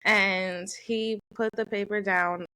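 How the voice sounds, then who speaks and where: Laughing, animated woman podcast co-host. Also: medium pitch, slow, clean tone. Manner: animated, laughs often, swears casually. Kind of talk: casual chat.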